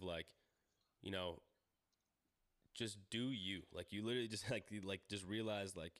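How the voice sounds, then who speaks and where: Podcast co-host, man in his thirties: low, loose, profane, recorded dry and close. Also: a bit bright, dry recording. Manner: rambling, profane, frequent "like" and restarts. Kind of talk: casual podcast chat.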